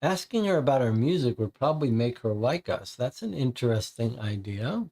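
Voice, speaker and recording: A man streams a live playthrough of a co-op board game, thinking aloud casually and reading out cards and chat. His warm, medium-pitched voice swings widely in pitch at a moderate pace.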